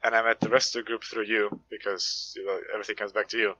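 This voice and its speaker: A young male college student as a podcast guest, talking quickly with dry wit over a call. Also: lowish voice, little pitch movement, sharp tone, dry recording, highs cut off. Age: young adult. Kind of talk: casual chat.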